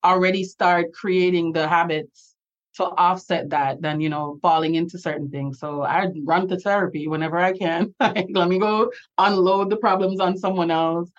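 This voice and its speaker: Woman, young adult, Jamaican accent, chatty guest, laughs often, low-ish voice, slightly muffled sound. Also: fairly even intonation, normal speed. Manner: chatty, laughs often, quotes herself and others. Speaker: lawyer guest. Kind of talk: casual interview storytelling.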